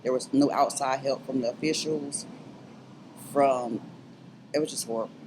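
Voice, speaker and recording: A middle-aged woman gives a personal testimony in an interview. She speaks earnestly and haltingly, with many restarts, then builds to fervent urging. A faint hiss sits beneath her voice. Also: very deep voice, fairly even intonation. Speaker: interview guest, abuse survivor.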